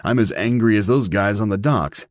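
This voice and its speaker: A man's voice: on the low side, normal speed, no echo, clean studio sound, natural voice. A man voicing a fed-up male communist dock official who answers bluntly. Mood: exasperated. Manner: blunt, exasperated retort.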